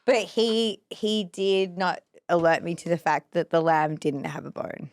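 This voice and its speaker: A woman's voice: lowish voice, measured pace, dry recording. A woman with an Australian accent, a podcast guest telling rambling, playful stories in casual chat.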